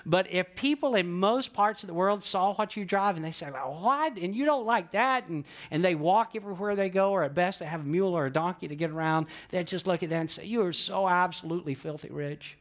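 A male pastor delivers a sermon conversationally, repeating phrases for emphasis, asking the congregation questions, and singing snippets of old hymns. His voice is high and a bit bright, a little fast, with few pauses.

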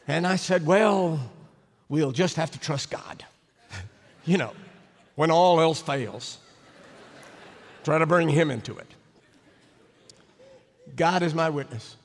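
An American man preaching, telling a story with animated, sudden loud swings and emphatic delivery. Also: a little high. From United States. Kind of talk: sermon storytelling. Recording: echoey hall reverb.

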